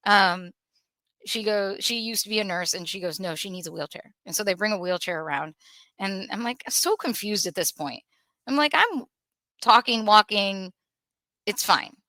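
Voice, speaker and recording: A woman in her thirties with a bright, forceful voice tells a personal story on a podcast, candid and animated, slipping into the voices of the people in it. The sound is dry and close, with no room around it. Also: medium pitch, normal speed, no room sound. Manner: candid, animated retelling with acted quotes. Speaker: podcast host.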